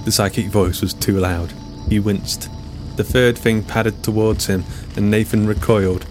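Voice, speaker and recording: A man tells his own scripted story in a very deep, low voice. His delivery is dry and deadpan, and the wit is understated. Music plays clearly behind him throughout. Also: a little slow. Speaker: author and narrator. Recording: narration over music.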